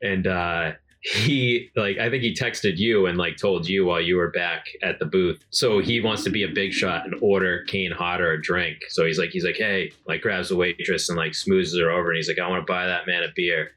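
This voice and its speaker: A man's voice: deep voice, moderate pace, hardly any pauses. A man co-hosting a podcast, telling a profane story in casual chat and acting out the people in it. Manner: profane, animated anecdote-telling with voiced quotes. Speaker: podcast co-host.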